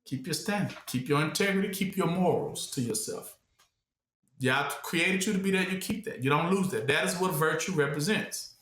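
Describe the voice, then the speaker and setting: A man preaching to a small group with a high, bright voice that rings around an echoey room. He keeps asking questions and leaves the gap for the listeners to fill in, talking loose and conversational rather than polished. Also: moderate pace. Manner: rhetorical questions, congregation fills the blank; casual, colloquial speech. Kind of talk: call-and-response teaching.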